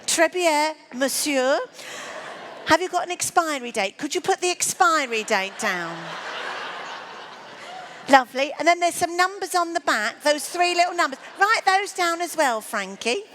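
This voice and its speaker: High-voiced woman teasing on stage. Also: expressive, a little slow, fairly bright tone, a little hiss or hum. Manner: teasing and flirty, calls the volunteer darling. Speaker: comedy magician. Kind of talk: stage comedy patter with a volunteer.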